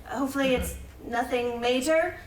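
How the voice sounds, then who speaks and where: A woman's voice: sits high, moderate pace, slight background noise, lightly acted. An actress playing a dramatic, flustered young woman stranded on a road trip, in a staged play reading recorded from across a theatre. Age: young adult. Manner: exclaiming, flustered, stammering. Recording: roomy theatre, mic far off.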